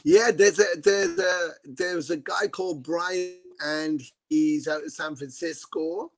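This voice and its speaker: A man's voice: fairly high pitch, lively intonation, slow pace, vocal fry, slight background noise. A middle-aged man as a guest musician, telling rambling anecdotes over a video call, with lots of fillers and casual swearing. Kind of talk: casual interview storytelling.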